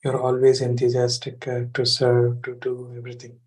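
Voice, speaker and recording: A polite, soft-spoken man chimes in on an online class. His voice hardly rises or falls, and it sounds far from the microphone. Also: medium pitch, completely flat delivery, moderate pace. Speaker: class participant. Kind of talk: casual remarks on a call.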